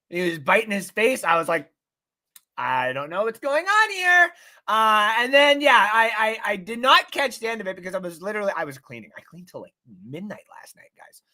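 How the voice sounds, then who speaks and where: Animated, profane male sports streamer. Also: high-pitched. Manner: profane, excitable, rambling; reads out and thanks chat viewers. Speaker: sports show host. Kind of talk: casual live-stream sports talk.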